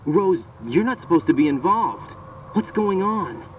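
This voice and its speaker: Young soldier, lively. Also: male voice, sits high, unhurried, recorded from a distance, slight background noise. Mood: agitated. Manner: questioning, increasingly agitated. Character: young male special-forces agent, questioning. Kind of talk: video game voice acting.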